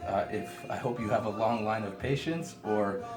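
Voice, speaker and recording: Chatty dad cooking at home, roomy sound. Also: male voice, fairly low pitch, moderate pace, over music. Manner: chatty, joking asides, gently scolding a child. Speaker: home cooking show host. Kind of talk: casual home cooking demonstration. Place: home kitchen.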